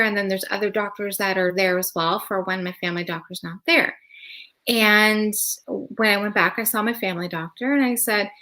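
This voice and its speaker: A woman's voice: medium pitch, fairly bright tone, low-quality recording. Chatty woman telling her own story. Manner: chatty, retells dialogue with many "like"s. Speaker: live talk show host sharing her story. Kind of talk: casual live-stream storytelling.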